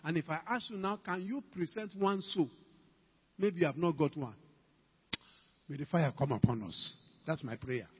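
Ghanaian male preacher, emphatic sermon that climbs to shouts, raised pitch, dull reverberant hall recording. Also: moderate pace, pauses often, slightly rough. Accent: Ghanaian English. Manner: emphatic, calls out to the congregation, rising to shouts. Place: church hall.

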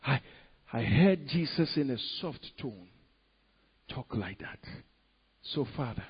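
Husky guy preaching slow, goes quiet then loud, dull lo-fi sound. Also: mid-range voice, sing-song. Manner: swings from hushed pleading to loud emphatic bursts. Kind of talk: sermon.

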